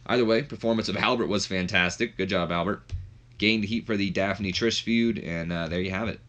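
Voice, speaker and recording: A man's voice: fairly low pitch, fairly quick, a bit bright. A man giving casual, rambling commentary on a wrestling management game playthrough. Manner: rambling, filler-heavy.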